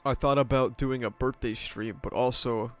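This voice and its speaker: A young streamer in his twenties chats casually with his livestream viewers, laid-back and easygoing, greeting chatters by name. His middling-pitched voice is stuffy-nosed, moving at normal speed, and he laughs often and swears now and then. Faint video game soundtrack music plays underneath.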